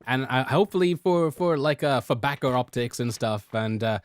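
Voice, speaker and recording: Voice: medium pitch, lively intonation, normal speed, clear, resonant tone, dry recording. A co-host on a casual gaming podcast, playful and a little hesitant, laughing along.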